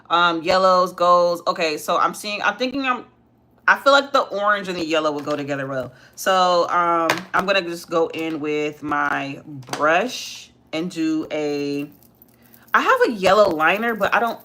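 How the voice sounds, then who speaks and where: Speaking with a lowish, sharp voice, a young livestream host and mother chats away to viewers while applying makeup. She also talks with her child during the casual stream.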